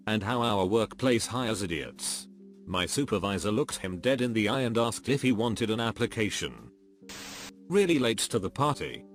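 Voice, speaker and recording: Low-voiced man reading stories aloud. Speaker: narrator reading online posts. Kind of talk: scripted narration.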